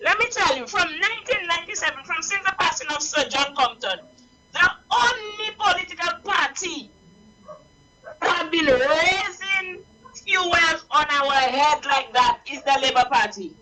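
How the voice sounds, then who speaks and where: A woman's voice: very high-pitched, lively intonation, unhurried, noisy background. A woman with a Saint Lucian accent calling in to a radio talk show, impassioned and preachy, repeating her points. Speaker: caller. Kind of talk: radio call-in.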